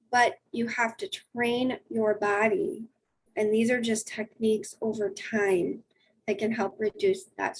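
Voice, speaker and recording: A middle-aged woman with a husky, slightly high voice presents a wellness webinar. She talks in a friendly, conversational way and walks through practical tips one by one. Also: rough recording. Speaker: dietitian and wellness coach.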